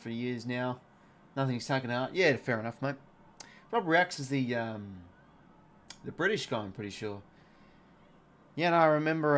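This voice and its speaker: A man's voice: medium pitch, a little hiss or hum. An Australian man hosting a live football watch-along, commentating casually and chatting with viewers. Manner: chatty, reads chat aloud, excited on goals. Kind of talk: casual play-by-play commentary and chat.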